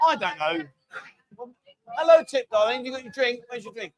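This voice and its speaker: Jokey, high-voiced male bar host. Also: very animated, moderate pace, dry recording, low-quality recording. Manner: jokey, bossy, coaxing, calls people darling. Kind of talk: casual bar chat, quiz and drinking games.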